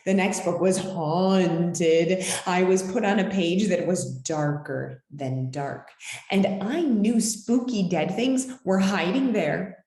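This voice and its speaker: A woman tells a children's story aloud, taking her time over each line. Her pitch swoops widely and dramatically as she reads. The recording carries a noticeable room echo. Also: lively intonation, slow pace, dark tone. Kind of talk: expressive children's picture-book reading.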